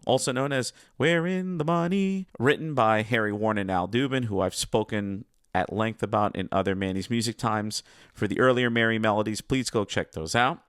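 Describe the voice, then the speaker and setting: A man's voice: lowish voice, a bit bright, dry recording, clean studio sound. A man giving casual, enthusiastic commentary on a cartoon's music, wandering into asides and reading quotes aloud. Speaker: music segment presenter on an animation review show.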